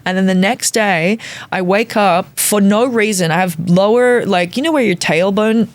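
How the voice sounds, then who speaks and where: A woman in her forties, a comedian guest on a podcast, telling a story in an animated, comic way with casual swearing. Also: mid-range voice, normal speed, dry recording. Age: 40s.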